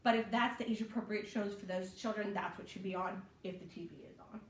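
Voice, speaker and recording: A woman's voice: medium pitch, fairly even intonation, brisk, recorded from a distance. A young woman giving a casual online class on babysitting, chatty with lots of ums and a habit of asking "right?". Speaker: library program instructor. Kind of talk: casual teaching talk. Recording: echoey room.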